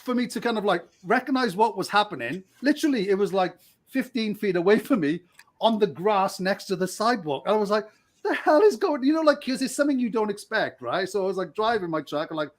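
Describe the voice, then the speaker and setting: On a podcast, a middle-aged man with a high voice and lively intonation tells casual stories at a fast clip. He laughs often and acts out the voices of the people he quotes.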